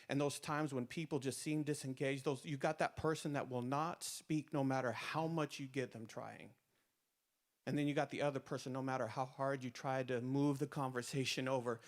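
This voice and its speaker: Guy preaching at a church, keeps repeating lines louder, lots of restarts, medium pitch. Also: fairly even intonation, moderate pace. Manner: emphatic, repeating phrases with rising force; frequent restarts and repeated words. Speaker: pastor. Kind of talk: sermon to small group leaders.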